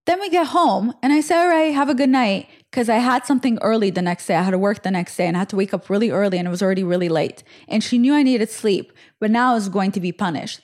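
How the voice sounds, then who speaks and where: A woman in her twenties hosting a podcast, telling a personal story in a chatty, animated way with lots of fillers. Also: mid-range voice, fast talker, hardly any pauses. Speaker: podcast host. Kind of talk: casual storytelling.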